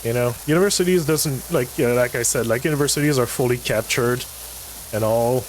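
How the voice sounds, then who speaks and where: A man rants in casual livestream chat, swearing often and padding with fillers. His pitch sits in the middle range. A faint noise runs underneath. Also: a little fast, rough recording. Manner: ranting, heavy swearing, many fillers. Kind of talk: casual chat while gaming.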